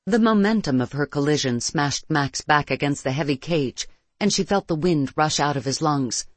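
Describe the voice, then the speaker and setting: Audiobook narrator, steady storytelling, dry booth sound, close mic, no room echo. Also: mid-range voice, moderate pace. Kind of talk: scripted fiction narration.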